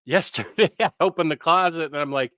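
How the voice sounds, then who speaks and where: Bright, chatty man hosting a livestream. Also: a little high, a little fast, no echo, studio quality. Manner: rambling and self-interrupting, chatty with viewers. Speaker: livestream host. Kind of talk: casual live-stream chat. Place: home room.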